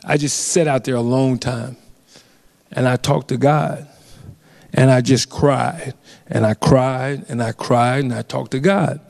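A man from Mississippi telling a personal story at a community forum, earnest and halting, often repeating phrases. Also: medium pitch, steady tone, gravelly, a little mellow. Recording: reverberant hall.

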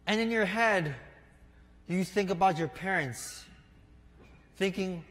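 Man, preacher, sermon, fairly high voice, slow, echoing church hall. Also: a bit bright. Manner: unhurried storytelling preaching, addresses listeners as "my friends". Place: church sanctuary. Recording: long reverb of a large hall.

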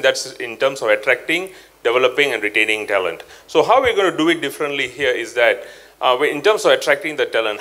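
A workshop participant, a man, pitches his team's idea on the spot. His voice is bright and forward, and he pauses on fillers and restarts as he works through his points. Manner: hesitant, many fillers and restarts while explaining. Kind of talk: impromptu pitch.

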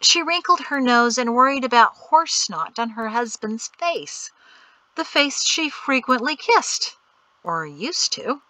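A woman narrating an audiobook in a clear, steady storytelling way. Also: a little high, slow, no room sound, poor audio.

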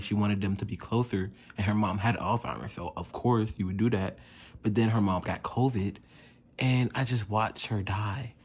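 A man's voice: on the low side, darkish tone. A young man talking casually to his phone camera, chatty and emotional, laughing at himself. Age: young adult. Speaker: vlogger. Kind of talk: casual vlog chat. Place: parked car outside his workplace.

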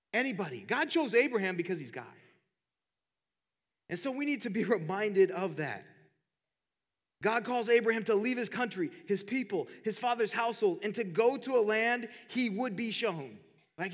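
A man's voice: very high-pitched, fairly bright tone. A man preaching a sermon as pastor, talking conversationally with many repeated fillers and restarts, and laughing often. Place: church hall. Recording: long reverb of a church hall.

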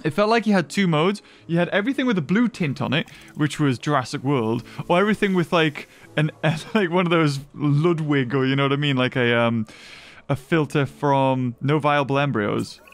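A young man giving chatty, excitable gameplay commentary and thinking aloud as he plays. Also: on the high side, moderate pace. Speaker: gaming video host.

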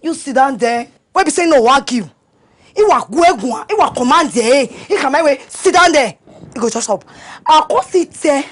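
An actress playing a boastful young woman who brags loudly in sing-song Nigerian Pidgin English in a Nollywood home-video drama. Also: high voice, expressive, normal speed. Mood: bragging. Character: boastful young woman bragging about her admission letter. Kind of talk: Nollywood film acting.

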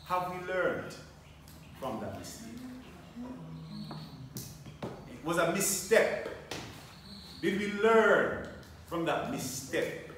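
A man's voice: high-pitched, very animated, very slow, long pauses, fairly bright tone, slight background noise. A man preaching a sermon, repeating phrases and asking the congregation rhetorical questions. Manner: repetitive, rhetorical questions, call-and-response. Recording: very echoey, from a distance.

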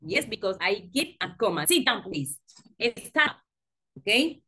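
Lively woman teaching English. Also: mid-range voice, slightly rough. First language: Spanish. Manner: slow, patient explaining with lively emphasis. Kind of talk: online grammar lesson. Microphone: video call.

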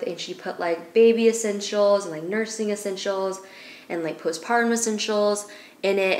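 A young adult woman chatting at home in a casual vlog, gushing excitedly and filling her talk with fillers. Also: medium pitch. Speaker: vlogger. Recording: roomy echo, faint noise.

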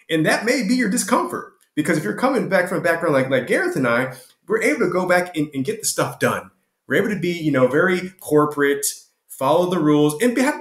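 A man's voice: on the high side, roomy sound. A man speaking as a guest in a reflective interview, passionate and emphatic, often repeating his words. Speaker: guest, retreat co-host.

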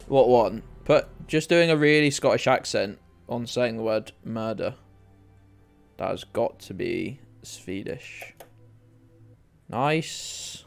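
Swearing, rambling male game streamer. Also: mid-range voice. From United Kingdom. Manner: chatty, rambling, swears freely, talks to chat. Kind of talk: casual game streaming chat. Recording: faint music underneath.

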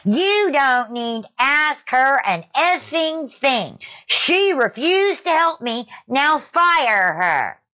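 A woman voicing a furious, entitled older woman shopper who screams her demands in a shrill voice. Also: very animated, drawn-out words, sharp tone, exaggerated voice. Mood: screaming.

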